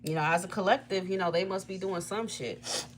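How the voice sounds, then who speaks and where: Blunt, animated woman tarot reader. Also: fairly low pitch, a little fast. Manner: blunt, swearing, laughing. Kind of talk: casual livestream chat.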